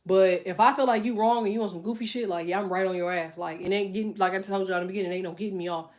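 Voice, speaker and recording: A woman's voice: medium pitch, steady tone, very fast, a little mellow. A middle-aged woman hosting a tarot livestream, chatting casually straight to her viewers in a blunt, profane, emphatic way. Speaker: tarot reader and livestream host.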